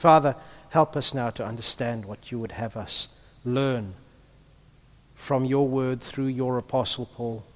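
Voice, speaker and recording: A man in the role of pastor, praying softly and then preaching with emphasis. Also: medium pitch, unhurried. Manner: hushed in prayer, then lively and emphatic preaching. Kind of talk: prayer and sermon. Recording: long reverb of a large hall.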